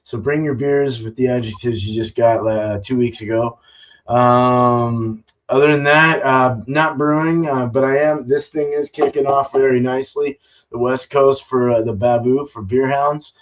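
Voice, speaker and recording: A man's voice: mid-range voice, steady tone, normal speed. A man hosting a casual home-brew live stream, talking loosely with lots of fillers and swearing. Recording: dull lo-fi stream audio.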